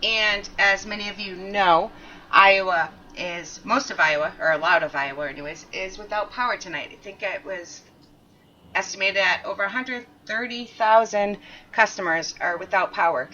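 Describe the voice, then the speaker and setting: A woman's voice: medium pitch, moderate pace, pushed and bright. A woman guest-hosting a podcast, chatting in an upbeat way. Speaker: podcast guest host, network co-owner. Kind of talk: casual podcast chat. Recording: dull lo-fi remote audio.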